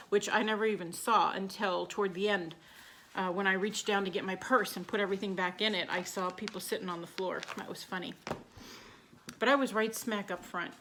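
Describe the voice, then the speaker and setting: A woman's voice: medium pitch, fairly bright tone. Chatty woman vlogging. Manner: chatty, rambling, with fillers. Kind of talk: casual chat to camera.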